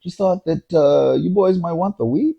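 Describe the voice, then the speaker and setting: A man doing a high, soothing cab driver. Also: normal speed, gravelly, dark tone, husky, muffled recording. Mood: placating. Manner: soothing, says "brother", repeats himself. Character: placating male cab driver abroad.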